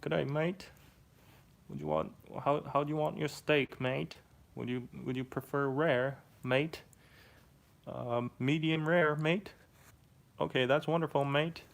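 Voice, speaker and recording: A man putting on an exaggerated, cheerful Australian character who calls everyone mate, in a high, bouncy, sing-song voice. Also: steady tone, a little slow, creaky, long pauses. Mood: cheery. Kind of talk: livestream impression.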